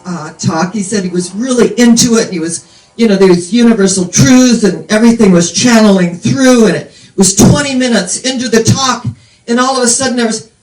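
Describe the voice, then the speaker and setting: A woman's voice: mid-range voice, normal speed, a little mellow. Woman in her 70s preaching, rambly storyteller, sounds far off in an echoey room. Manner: meandering storytelling. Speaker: minister. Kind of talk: sermon.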